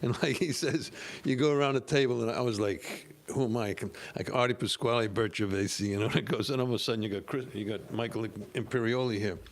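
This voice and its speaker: An older man, an actor guest, calmly recalling old times and chuckling now and then. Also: medium pitch, quick pace, few pauses. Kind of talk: casual reminiscing.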